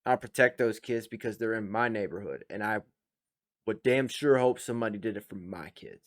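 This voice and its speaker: A blunt, profane man hosts a reaction video. His voice sits a little low, and he talks in loose, emphatic commentary that is full of swearing. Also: a little fast.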